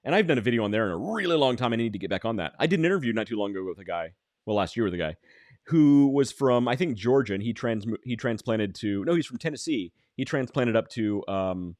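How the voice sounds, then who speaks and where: A man's voice: medium pitch, expressive, quick pace, a little mellow, dry recording. A man hosting a casual podcast chat, rambling with restarts and dry jokes. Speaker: podcast host.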